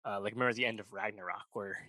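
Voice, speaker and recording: A man's voice: on the low side, steady tone, racing, pushed and bright, no echo. A man co-hosting a pop culture podcast, chatting casually and rambling, full of "like" and "you know, right?". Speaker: podcast co-host. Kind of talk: casual chat.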